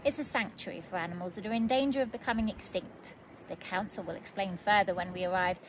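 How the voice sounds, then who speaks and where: A woman's voice: mid-range voice, quick pace, slight background noise, lightly acted. A woman voicing a fussy, polite male talking chicken-bird in a storybook reading, formal and courteous with clucks.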